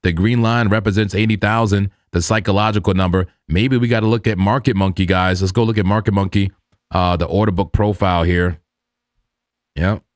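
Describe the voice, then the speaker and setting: A man's voice: sits low, steady tone, brisk, no room sound, clean studio sound. A man hosting a live trading stream, talking casually in a hyped, slangy way to his chat. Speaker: livestream trading host.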